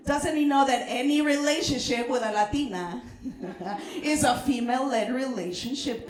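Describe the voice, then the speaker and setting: A Mexican American woman works a comedy club stage, her bright, high voice punching out jokes. She yells her punchlines and slips into Spanish. The sound bounces around a roomy, echoey venue. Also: moderate pace. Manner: brash, shouting punchlines, mixes in Spanish. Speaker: stand-up comedian. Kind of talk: stand-up comedy set.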